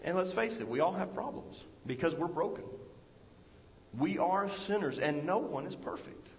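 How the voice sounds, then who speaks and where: A man's voice: fairly bright tone, big-room sound, low-quality recording. A man preaching a sermon in an earnest way, rising and falling as he makes his points. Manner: earnest, rises and drops in pitch and volume.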